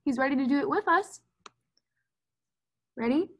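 A woman, a kindergarten music teacher, gently and patiently talking small children through a recorded music lesson in simple words. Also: sits high, lively intonation, normal speed, muffled recording.

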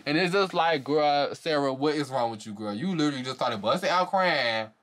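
A man giving a casual, profane, animated review of a reality show to his viewers. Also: on the high side, a little fast. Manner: profane, animated, exaggerated reactions.

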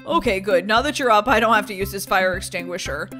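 A woman voicing a busy, cheerful father of two girls in a game role-play, brisk and matter-of-fact. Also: medium pitch, a bit bright, faint music behind, voice pushed down, lightly acted. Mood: teasing.

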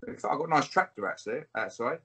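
British man, husky, combative interview guest on a video call, taunting. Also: mid-range voice, expressive, fast talker, pushed and bright. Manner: taunting, repetitive, calls listener mate. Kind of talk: combative interview trash talk.

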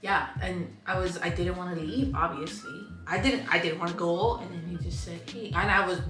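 A woman's voice: on the low side, fairly quick, reverberant, over music. A talkative young woman from Hawaii, chatting casually with her husband on camera and laughing often. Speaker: vlogger answering couple questions. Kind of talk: casual chat.

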